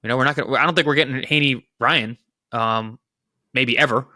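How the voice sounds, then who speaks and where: A former boxer talking fights in a relaxed podcast chat. His voice is bright and forward, and it leaps up in pitch when he gets worked up. The sound is dry and close to the mic. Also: fairly quick, no room sound. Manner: animated, voice jumps up when excited. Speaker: boxing analyst, former pro boxer.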